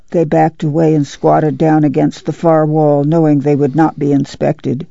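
Gravelly narrator, mellow tone, dry and muffled. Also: mid-range voice, level tone, normal speed, few pauses, no echo. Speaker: audiobook reader. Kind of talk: scripted narration.

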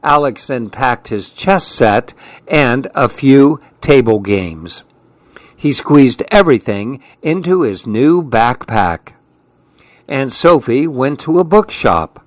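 A man hosting a radio children's story hour, reading picture books aloud in a gentle, friendly manner. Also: medium pitch, animated, takes it slowly, no echo.

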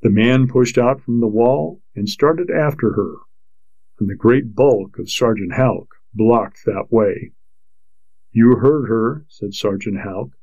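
A man narrating a novel in a measured, unhurried storytelling manner. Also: medium pitch, a little mellow, no echo, highs cut off. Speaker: audiobook narrator. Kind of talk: scripted narration.

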